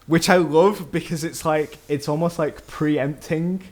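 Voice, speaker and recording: A man on a casual film podcast, recapping the plot in quick bursts with fillers. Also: on the high side, steady tone. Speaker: podcast host.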